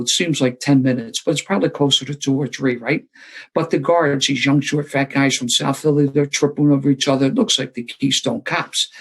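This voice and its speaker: Older Philly man, sixties, husky gravelly voice, animated self-deprecating storyteller at a meeting. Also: on the high side, rough recording. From Philadelphia area. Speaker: recovery meeting speaker. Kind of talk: storytelling talk to a live audience.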